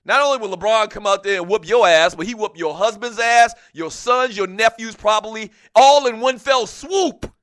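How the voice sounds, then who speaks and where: A middle-aged man hosting a sports talk radio show, venting in an animated way and laughing often. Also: high-pitched, normal speed, hardly any pauses, no echo.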